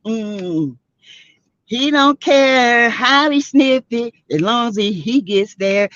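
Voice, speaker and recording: A woman's voice: fairly high pitch, very animated, drawn-out words, long pauses, sharp tone, no echo, muffled recording. A woman with a Southern US accent hosting a casual live gossip chat, sassy and laughing often as she greets viewers. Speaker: live-stream host.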